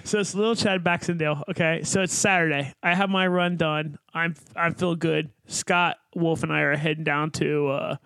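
A man's voice: fairly high pitch, gravelly, a bit bright, no room sound. A man co-hosting a podcast, chatting bluntly, swearing and acting out quoted dialogue. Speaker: podcast co-host. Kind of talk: casual chat.

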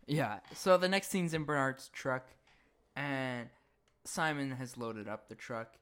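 A man co-hosting a podcast, recapping an episode in a soft-spoken, low-key way. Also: slow. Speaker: podcast co-host.

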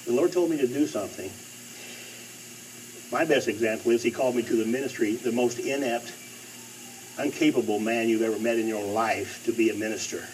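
A man's voice: medium pitch, brisk, pauses often, darkish tone, recorded from a distance, a little hiss or hum, low-quality recording. A male preacher delivering a sermon, emphatic and repeating phrases for stress.

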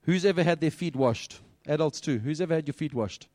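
A man giving a lively children's sermon, asking the listeners questions and quoting scripture. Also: fairly high pitch, fairly quick, dry recording. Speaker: pastor.

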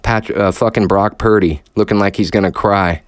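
Man ranting on a podcast, frustrated, sarcastic, swearing, lowish voice, smooth clear tone, dry close sound. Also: fairly even intonation, moderate pace, dry recording. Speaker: podcast host. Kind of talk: profane rant.

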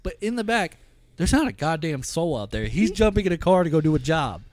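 A man's voice: a little high, sing-song, a little fast, darkish tone, no echo. A man co-hosting a casual movie-review podcast, telling scenes with profanity and mimicked quotes. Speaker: podcast co-host.

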